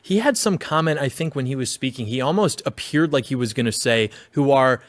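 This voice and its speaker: A man's voice: medium pitch, expressive, brisk, no echo. A young man co-hosting a casual political talk show, sarcastic and joking, often acting out quotes. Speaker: podcast co-host.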